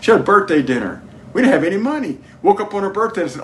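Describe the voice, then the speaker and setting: Animated preacher telling stories. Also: male voice, high voice, rapid-fire, a little hiss or hum. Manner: storytelling, animated, breaks into singing a hymn. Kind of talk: sermon.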